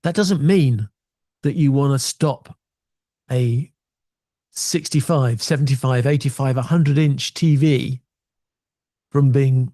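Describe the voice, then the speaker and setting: A man's voice: mid-range voice, fairly even intonation, measured pace, creaky, warm tone, dry recording. A man giving casual, opinionated tech talk from his small home studio, full of wry asides. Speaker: video tech presenter.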